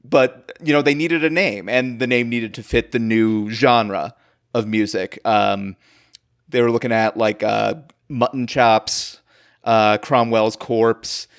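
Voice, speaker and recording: Guy hosting a history podcast, average pitch, rambly, lots of ums, laughing at his own bits. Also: steady tone, slow pace, clear, resonant tone. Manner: rambling storytelling with many fillers and chuckles. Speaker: podcast host. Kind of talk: comedic history podcast chat.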